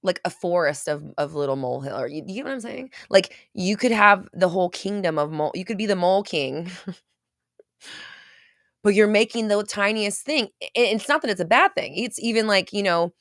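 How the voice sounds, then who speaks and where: A woman's voice: medium pitch, fairly quick, no echo, clean studio sound. A woman hosting a casual livestream as a manifestation coach, chatting, laughing often and reading viewer comments aloud. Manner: chatty and animated, laughs often, frequent fillers and some swearing. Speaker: manifestation coach and show host.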